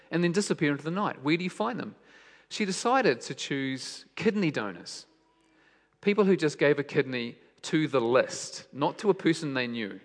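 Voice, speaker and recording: A man giving a sermon, telling stories with soft, hushed moments and emphatic questions. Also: medium pitch. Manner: storytelling, shifts between soft hushed lines and raised emphatic questions. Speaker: preacher. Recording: long hall reverb.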